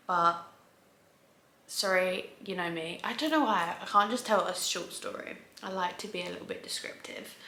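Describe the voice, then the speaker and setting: A woman's voice: medium pitch, bright, forceful tone, a little hiss or hum. A woman vlogger telling a long story to the camera at home, chatty and rambling, often stopping to restart a sentence. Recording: roomy echo.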